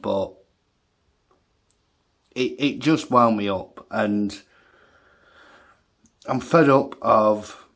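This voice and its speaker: A man's voice: lowish voice, a bit bright. A man telling an angry story on his own channel. He swears heavily, gets agitated, and laughs at himself between rants. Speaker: vlogger. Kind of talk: ranting monologue story.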